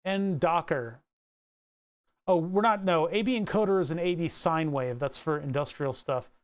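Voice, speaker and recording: A man's voice: fairly high pitch, fairly quick. A man chatting casually on a livestream from his home workshop, rambling and often restarting his sentences. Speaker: streamer.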